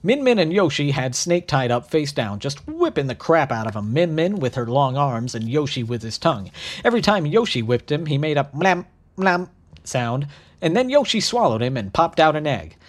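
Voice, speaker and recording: Deadpan man in his thirties. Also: fairly high pitch, normal speed. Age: 30s. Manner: crude, deadpan storytelling with sarcastic asides. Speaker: comedian. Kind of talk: comedic narrated monologue.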